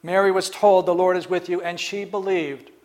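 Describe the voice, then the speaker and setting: A man with a notably high voice delivers a sermon, retelling one story after another in a relaxed, chatty way. He slips into quick acted-out lines for the people in each story. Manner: storytelling, acts out speakers in the stories, fillers. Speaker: preacher.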